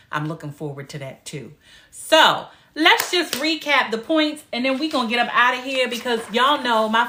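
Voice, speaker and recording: A woman's voice: medium pitch, pushed and bright. A woman in her forties chatting casually on a live stream as a lifestyle coach, confiding and emotional as she tells personal stories.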